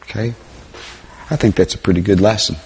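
A middle-aged man preaching a sermon in a conversational way, rising to loud emphasis and dropping to quiet asides. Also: on the low side, steady tone, a little fast, vocal fry, a little hiss or hum.

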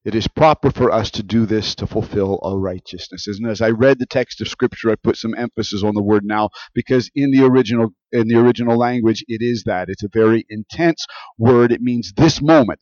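A man preaching a sermon as a pastor, emphatic, with his voice rising on stressed words and then dropping low. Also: brisk, darkish tone, no room sound, dull audio.

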